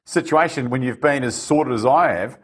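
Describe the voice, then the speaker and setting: A man, an animated and self-deprecating storyteller in casual conversation. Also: mid-range voice, brisk, slightly rough.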